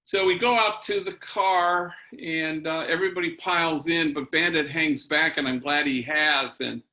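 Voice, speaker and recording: Bright-voiced priest telling a story. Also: male voice, on the high side, steady tone. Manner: unhurried storytelling with fillers, mixing in Spanish slang. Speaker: priest giving a keynote talk. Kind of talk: storytelling keynote talk.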